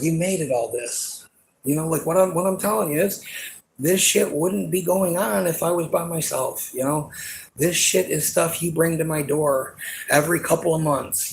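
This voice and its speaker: A man's voice: a little high, vocal fry, a little hiss or hum. A man in his forties venting in an emotional, rambling monologue, angry and profane, full of fillers. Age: 40s.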